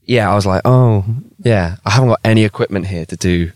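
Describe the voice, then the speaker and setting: A man's voice: fairly low pitch, brisk, no room sound, studio quality. A British man hosting a podcast outdoors, joking and spinning silly stories in a casual way. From United Kingdom. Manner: jokey, tells tall tales deadpan. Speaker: podcast host. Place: outdoors on a hillside.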